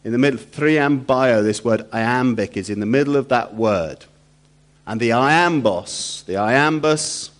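A male preacher delivers a sermon at an unhurried pace. He repeats key phrases for emphasis and keeps asking the congregation rhetorical questions. His voice sits at an ordinary middle pitch.

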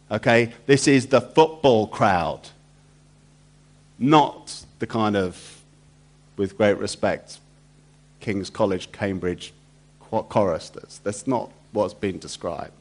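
A man preaching a sermon, emphatic and repetitive, throwing rhetorical questions to the congregation. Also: on the low side.

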